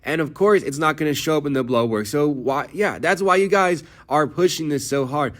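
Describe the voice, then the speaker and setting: A man's voice: on the high side, expressive, brisk, hardly any pauses, a bit bright. A man doing reaction commentary, mocking and sarcastic with crude jokes. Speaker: commentary YouTuber.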